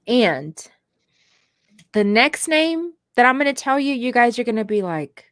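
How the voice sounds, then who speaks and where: A woman's voice: a little high, sing-song, measured pace, a bit bright, dry recording. A woman with a Southern US accent hosting a podcast, telling a story in a chatty, joking way. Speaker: podcast host. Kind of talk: casual chat.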